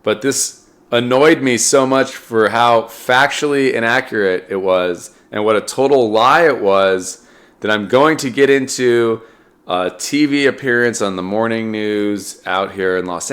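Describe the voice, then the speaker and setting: A man's voice: fairly low pitch, a little slow, fairly bright tone. A man, slightly sick, hosting his own podcast in a casual, rambling monologue full of restarts and fillers. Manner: rambling, fills gaps with uh and restarts. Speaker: podcast host.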